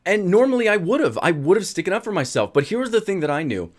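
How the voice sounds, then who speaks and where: A man telling a personal story in a casual vlog, animated and laughing often. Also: high-pitched, fast talker.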